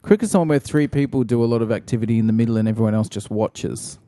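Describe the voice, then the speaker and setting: A man's voice: medium pitch, fast talker, no room sound, clean studio sound. A man, telling funny stories in a casual podcast chat and laughing often. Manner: animated, jokey, laughs often.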